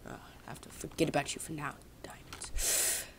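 Low, gravelly young woman rambling. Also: level tone, normal speed, a bit bright, whispered. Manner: rambling, self-mocking, talks to viewers. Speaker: gaming vlogger. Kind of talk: casual gameplay commentary. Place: home, indoors.

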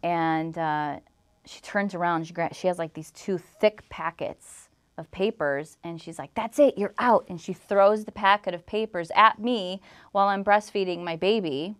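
A woman's voice: fairly low pitch, steady tone, measured pace, a bit bright, clean tone. A young woman from Illinois telling an emotional personal story as an interview guest, rambling with many "like"s and acting out what others said. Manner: rambling storytelling, full of "like", acts out quoted exchanges.

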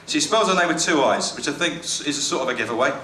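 A man doing live stand-up comedy, reading out jokes in a wry, halting way with lots of fillers and self-corrections. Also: fairly high pitch, animated, slight background noise. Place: comedy venue with a live audience. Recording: echoey venue with loud crowd. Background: audience laughter and cheering.

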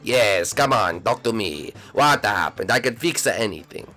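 A man doing a low grumbling turtle friend. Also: expressive, a little slow, sharp tone. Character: gruff male turtle creature, fussy fixer friend. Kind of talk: Minecraft role-play voice acting.

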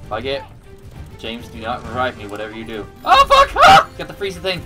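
A man hosting his gaming video, commentating live gameplay with a teammate, loud and swearing, often shouting in frustration. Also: mid-range voice, expressive, fast talker, loud music behind the voice.

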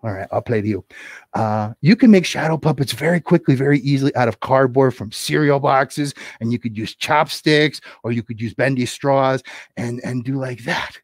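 A man's voice: medium pitch, moderate pace, no echo, clean studio sound. A man running a livestreamed puppet show, chatty and playful with sing-song asides, telling a nursery rhyme into a camera. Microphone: camera on a desk.

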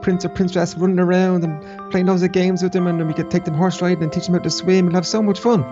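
A man's voice: high voice, little pitch movement, muffled recording. A young man in a casual game roleplay, eager and repetitive, restarting phrases often. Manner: rapid, repetitive, eager chatter. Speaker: roleplay co-host. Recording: background music under voice.

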